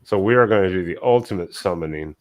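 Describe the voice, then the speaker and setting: A man chats and jokes on a late-night home livestream, teasing the others. His voice sits very low. The sound is dry and close on the mic. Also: fast, dry recording. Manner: joking, loose and teasing. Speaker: co-host of a live stream. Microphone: desktop microphone.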